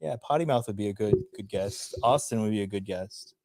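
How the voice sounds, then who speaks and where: A man's voice: fairly low pitch, a little fast, darkish tone, no room sound. A man in casual chat, joking loosely and swearing.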